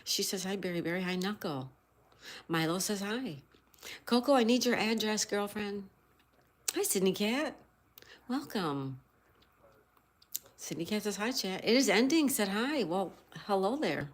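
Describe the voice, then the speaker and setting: A woman's voice: medium pitch, expressive, unhurried, pauses often. A woman hosting a casual livestream, greeting viewers by name, reading chat messages aloud and spelling crossword answers letter by letter. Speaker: livestream host.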